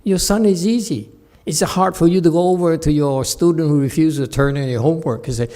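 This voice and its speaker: A man's voice: fairly high pitch, brisk, mellow. A man giving a playful Buddhist dharma talk at a meditation center, laughing often and checking in with his listeners. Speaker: meditation teacher.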